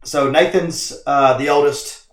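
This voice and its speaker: A man's voice: fairly high pitch, measured pace. Upbeat man with a roomy echo. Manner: lively storyteller, laughs often. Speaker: streamer host. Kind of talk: casual family chat.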